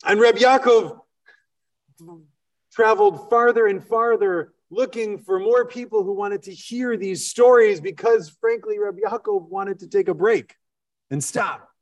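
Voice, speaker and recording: A man who is a rabbi, telling a story in a sermon in an animated way with fillers. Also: sits high, measured pace. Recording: distant mic.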